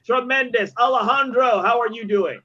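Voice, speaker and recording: Brief: male comedy show host, high voice, playful and hyped, muffled stream audio. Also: normal speed, pushed and bright. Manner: hyped, playful banter with performers. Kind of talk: hosting a livestreamed comedy show. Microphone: video call.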